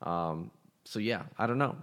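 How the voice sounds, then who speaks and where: A man with a fairly low voice, chatting as a podcast co-host. He rambles, fills gaps with ums and likes, and swears casually. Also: measured pace, a bit bright. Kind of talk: casual chat.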